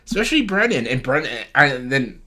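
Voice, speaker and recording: A man's voice: medium pitch, big pitch swings, a little fast, pushed and bright. A young man vlogging casual commentary on a reality show, talking bluntly with lots of swearing and exasperation. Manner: blunt, heavily profane, exasperated ranting.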